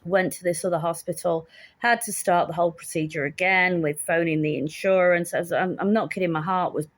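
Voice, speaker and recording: A woman's voice: lowish voice, fairly even intonation, fairly quick. Wry woman in her fifties telling a story. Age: 50s. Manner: candid, wry, acts out the dialogue. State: shaken, stressed. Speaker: vlogger. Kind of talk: casual storytelling.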